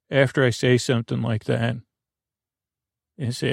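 A man hosting a sleep podcast, rambling gently through a meandering bedtime monologue with frequent restarts. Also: medium pitch, fairly even intonation, moderate pace, gravelly, pauses often, dry recording, clean studio sound. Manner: meandering, hesitant, with many restarts; soft and soothing.

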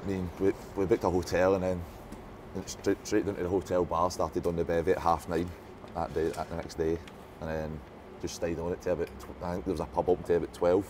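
Deep-voiced laid-back Scottish man. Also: flat delivery, fast, background noise. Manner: laid-back, short plain answers. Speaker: footballer guest. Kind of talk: casual chat.

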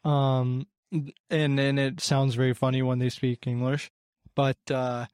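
A man's voice: mid-range voice, little pitch movement, measured pace, a little mellow, clear, resonant tone, no echo, clean studio sound. A young man in his twenties chatting casually, rambling with lots of ums and restarts. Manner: rambling, heavy with fillers. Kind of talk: casual chat.

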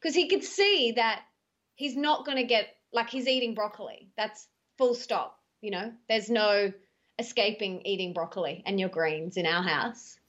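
A woman's voice: mid-range voice, normal speed, a bit bright. A woman guest on a podcast, telling stories emphatically and animatedly, often stretching her words out. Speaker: podcast guest, author and speaker. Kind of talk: casual conversation. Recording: dull lo-fi podcast audio.

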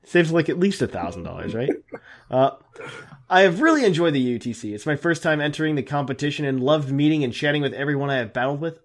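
Giggly man reading listener emails. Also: on the high side. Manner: laughs often, halting reading with fillers. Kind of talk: casual chat.

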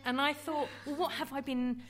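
A woman's voice: high-pitched, steady tone, normal speed, fairly bright tone. A woman telling a funny story on a podcast, giggling as she goes. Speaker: podcast guest. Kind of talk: casual chat.

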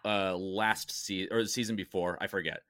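A man's voice: sits low, steady tone, normal speed, fairly bright tone, no room sound, clean studio sound. A man co-hosting a casual podcast, explaining things in an upbeat, enthusiastic way. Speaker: podcast co-host.

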